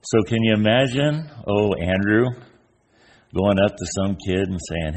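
A man's voice: lowish voice, animated, unhurried, slight background noise. An older man giving an informal, folksy sermon, telling stories and acting out the voices of people in them. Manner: folksy storyteller, acts out imagined voices. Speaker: preacher.

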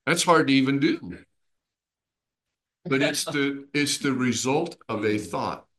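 A man's voice: medium pitch, animated, takes it slowly, fairly bright tone. A man teaching a small Bible study group in a conversational way. He asks his listeners questions and acts out little voices and expressions as he explains.

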